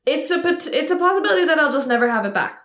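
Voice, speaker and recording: A woman with a fairly high voice tells her story in relaxed, casual podcast talk. She slips into little voices to quote what others said. The room around her is echoey. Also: rapid-fire. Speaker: guest telling her story.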